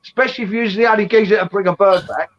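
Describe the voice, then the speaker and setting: Brief: middle-aged English man, fairly high, blunt sweary co-host trading army stories. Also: steady tone, racing, fairly bright tone, highs cut off. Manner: swearing, blunt barracks banter. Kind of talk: casual chat.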